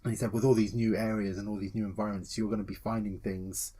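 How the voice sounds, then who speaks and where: Excitable, husky-voiced young man gushing about games. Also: lowish voice, fast. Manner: excitable, swears a lot, acts out scenes with yelps and laughs. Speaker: podcast co-host. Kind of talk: casual gaming podcast chat.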